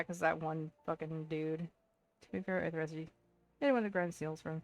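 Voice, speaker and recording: A woman's voice: low voice, steady tone, normal speed, dry recording. A woman streamer giving casual, crude and teasing commentary while playing a game.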